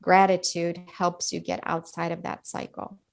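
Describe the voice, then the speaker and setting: A woman's voice: on the low side, flat delivery, normal speed, creaky. A middle-aged woman, a dentist guest on a podcast, talking earnestly and candidly and often repeating words as she goes.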